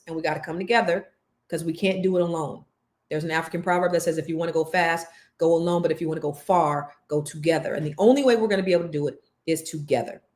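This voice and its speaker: A woman coach and host delivering a motivational talk to an audience. Her voice sits on the low side, and she drives her points home with rising, impassioned emphasis.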